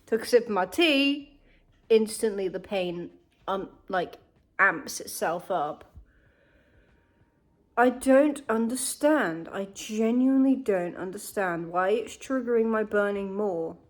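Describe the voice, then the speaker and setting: A woman's voice: medium pitch, slow. A young woman chatting casually to camera in a vlog, candid and chatty with frequent swearing, while in pain. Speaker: vlogger.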